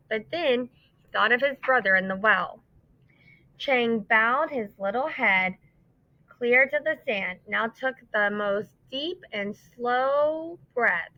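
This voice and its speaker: Woman teacher, expressive reading to kids, emphatic, slightly high voice, dull lo-fi dry recording. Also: no room sound. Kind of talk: reading aloud and teaching children.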